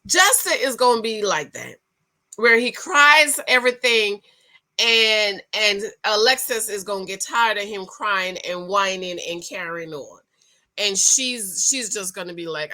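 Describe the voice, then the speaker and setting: A woman giving sassy, animated commentary on a reality show, with features and lots of restarts. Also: medium pitch, a little slow. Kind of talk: casual opinion review.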